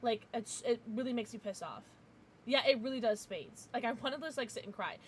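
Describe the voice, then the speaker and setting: A woman's voice: a little high, brisk, slight background noise. A woman streaming a video game, chatting casually with her viewers and swearing freely. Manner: chatty, swears freely, talks to chat by name. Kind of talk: casual livestream chat.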